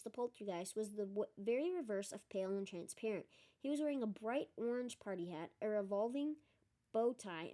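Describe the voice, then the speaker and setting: A woman reads a story aloud in a soft, mellow voice. She is not a polished narrator and breaks off now and then to chat about what she has just read. Her pitch sits in an ordinary middle range. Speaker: reader. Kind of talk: audiobook reading with asides.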